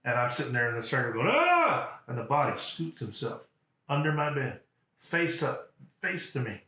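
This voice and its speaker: Male motivational speaker, mid pitch, conversational storytelling with restarts, echoey room. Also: sharp tone, slight background noise. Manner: halting, conversational, many restarts. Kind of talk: spoken personal story.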